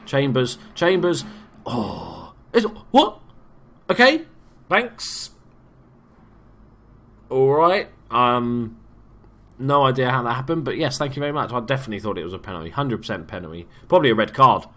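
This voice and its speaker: A man's voice: mid-range voice, lively intonation, a little fast, a bit bright. A young man from England giving casual, sweary, jokey let's-play commentary as a gaming YouTuber.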